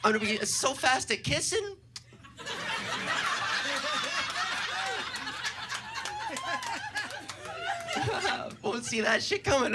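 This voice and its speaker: A young trans woman doing improvised stand-up comedy, brash, profane and self-mocking, jumping into loud silly voices. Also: very high voice, wildly swooping pitch, drawn-out words, pauses often, heavy background noise. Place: stage before a live audience.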